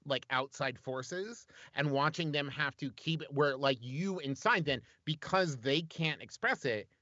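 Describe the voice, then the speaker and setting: Male guest, bright and sharp tone, emphatic casual talk, dull recording. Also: on the high side, a little slow, no room sound. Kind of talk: casual conversation.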